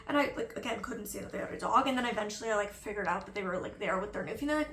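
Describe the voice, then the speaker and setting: A woman's voice: sits high, lively intonation, rapid-fire, hardly any pauses. A young woman chatting casually at home as a vlogger, laughing often and acting out quotes. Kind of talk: casual chat. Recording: echoey room, faint noise.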